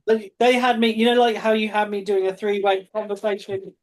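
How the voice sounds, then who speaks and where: A man's voice: sits high, level tone, fairly quick, a little hiss or hum. A man running a tabletop game as dungeon master, chatting at the table and often restarting his sentences.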